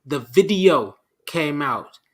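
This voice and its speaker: A man co-hosting a podcast in casual chat. His voice is bright and crisp, and he pushes back with easygoing skeptical questions. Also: a little high, lively intonation, takes it slowly, a little hiss or hum. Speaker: podcast co-host.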